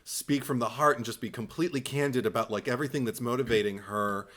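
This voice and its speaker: A man hosting a casual film podcast, animated and swearing freely, acting out scenes as he talks. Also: mid-range voice, quick pace. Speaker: podcast host. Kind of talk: casual film review chat.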